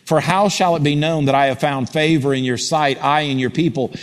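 A male pastor delivering a sermon, swinging from loud, rising climaxes down to quiet, low passages. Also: steady tone, fairly quick. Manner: preaching that builds to loud, rising climaxes then drops low. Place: large church sanctuary. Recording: long hall reverb.

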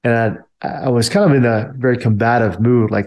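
A man's voice: mid-range voice, fairly even intonation, a little fast, a little mellow. A man and army veteran telling a story casually, filling his talk with "like" and "you know". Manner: loose, filler-heavy talk with many "like" and "you know".

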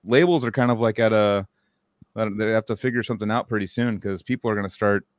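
A male co-host talks in a casual interview. He speaks hesitantly and leans on lots of fillers. His voice is fairly low. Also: quick pace. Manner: hesitant, filler-heavy speech. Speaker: podcast co-host.

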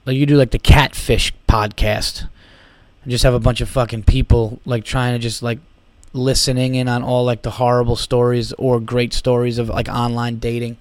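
A man's voice: mid-range voice, level tone, normal speed, no room sound. Tired, rambling male comedian podcaster. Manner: rambling, profane, giddy riffing. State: tired and a little sick. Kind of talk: casual solo podcast monologue.

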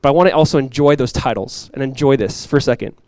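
A male pastor in his thirties preaching a conversational, animated sermon with quick asides. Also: medium pitch, dry recording.

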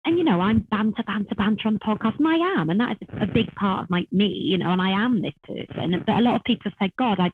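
A woman's voice: mid-range voice, quick pace, hardly any pauses. Candid woman on a tinny line. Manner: candid, animated, swears freely. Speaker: podcast co-host. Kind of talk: casual chat. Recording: tinny phone-like line, faint hiss.

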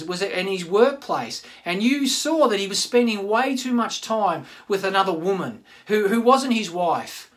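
A pastor giving a sermon, asking the congregation rhetorical questions. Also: mid-range voice. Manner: animated preaching with rhetorical questions.

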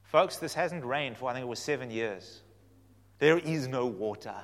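A man preaching a sermon, animated and storytelling, swinging from loud to hushed. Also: medium pitch, moderate pace, in a large hall.

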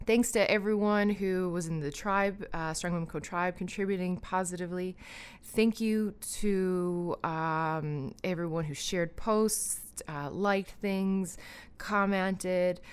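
A woman in her thirties hosts a podcast, her voice low and smooth. She rambles warmly through thanks, with frequent ums and restarts. Her tone is emotional and sincere. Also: slow pace. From Canada. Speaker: podcast host and breathwork guide. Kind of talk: casual heartfelt thank-yous, then guided breathing.

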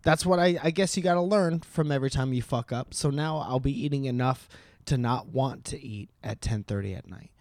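Man, podcast co-host, casual chat, swears, mid pitch, dry close sound. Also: fairly quick, hardly any pauses, a little mellow, dry recording. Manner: loose and swearing, with many restarts.

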